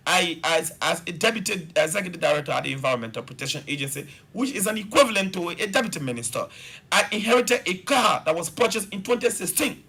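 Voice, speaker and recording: A man's voice: sits high, sharp tone, husky. A man with a Liberian accent, a government official making an emphatic, repetitive political argument as a talk-show guest.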